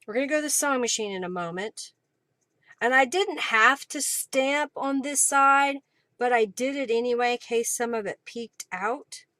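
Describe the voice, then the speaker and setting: A woman's voice: a little high, a bit bright, dry recording. A woman hosting a live crafting stream, chatting to viewers by name while narrating each step. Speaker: craft livestream host. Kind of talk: live crafting demo and chat.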